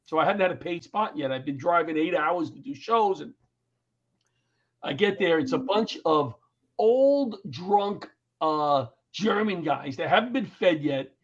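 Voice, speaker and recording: A middle-aged comedian and firefighter, his voice on the high side and a little slow, tells anecdotes in an interview. He's animated, acting out the people's voices in his stories. The recording sounds dull and lo-fi.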